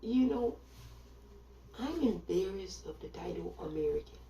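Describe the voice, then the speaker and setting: A woman's voice: medium pitch, lively intonation, measured pace, vocal fry, warm tone, slight background noise. A woman giving a blunt, sardonic opinion monologue as a commentator. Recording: roomy sound from a distance.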